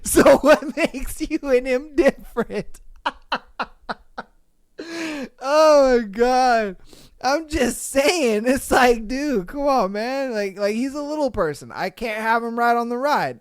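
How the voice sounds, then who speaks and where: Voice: high-pitched, no echo, studio quality. Laughing, profane podcast host reading stories. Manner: laughs often, profane slang, animated reactions. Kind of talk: casual reading of online stories with reactions.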